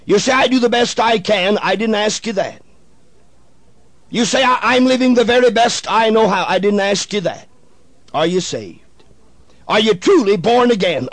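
A man preaching a radio sermon, swinging from hushed pleading to shouting, with old-fashioned prayer language. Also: high-pitched, slightly rough, no echo.

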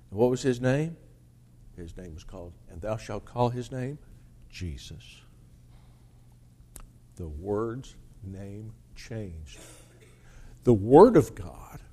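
A man's voice: mid-range voice, dark tone. A man preaching a sermon, reading scripture aloud with rising emphasis and explaining it in plain talk with restarts.

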